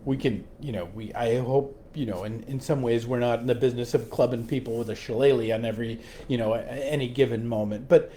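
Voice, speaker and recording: A man's voice: medium pitch, steady tone, fairly quick, hardly any pauses, warm tone, slight background noise. A man giving a sermon reflection as a pastor, often repeating words and restarting as he tells a story.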